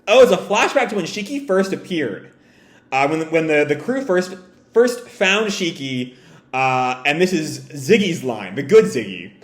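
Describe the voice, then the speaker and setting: A man reads a comic chapter aloud and reacts as he goes, pausing often with fillers and restarting his sentences. His voice sits on the higher side for a man, and the recording carries a noticeable roomy echo. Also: big pitch swings. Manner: halting, with frequent fillers and self-corrections. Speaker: manga reaction video host.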